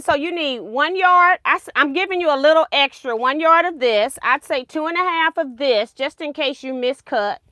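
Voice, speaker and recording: Bright-voiced chatty woman quilting host. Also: high-pitched, no echo, clean studio sound. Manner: chatty, rambling, laughs at her own mistakes. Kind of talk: casual livestream tutorial.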